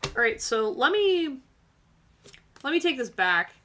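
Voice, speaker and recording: Woman, tarot reader host, chatty and encouraging, bright voice. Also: high-pitched, sing-song, slow, a little hiss or hum. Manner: chatty, filler-heavy, encouraging. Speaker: tarot reader hosting a live stream. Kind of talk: casual live-stream tarot reading.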